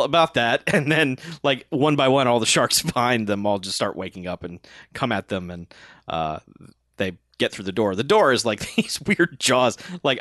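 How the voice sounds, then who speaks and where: A man talks through a movie plot in a loose podcast chat, often breaking into laughter. He does quick voices for the characters as he goes. His voice sits at a middle pitch, and the recording is close and dry. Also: fairly bright tone, no room sound. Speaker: podcast co-host. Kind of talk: casual movie recap chat.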